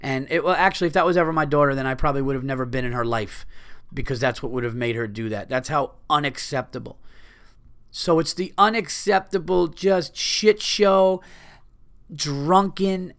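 A podcast host talking in a rambling, profane, self-interrupting casual monologue. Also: male voice, on the high side, moderate pace, fairly bright tone.

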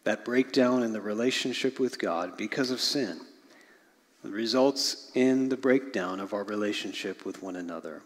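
A middle-aged man preaching a sermon as pastor, earnest, often sinking to a hushed low voice at the ends of phrases. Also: normal speed. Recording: long reverb of a large hall.

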